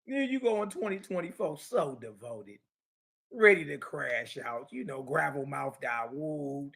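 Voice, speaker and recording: A man hosting an animated commentary, reading passages aloud and mocking his listeners with slangy, preachy outbursts. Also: fairly high pitch, measured pace, gravelly, breathy edge. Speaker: show host.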